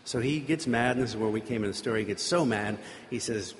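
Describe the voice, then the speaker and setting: A man's voice: medium pitch, fast, hardly any pauses, a little hiss or hum. A man giving an informal sermon, retelling a Bible story in a conversational, rambling way with asides. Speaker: preacher. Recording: reverberant hall.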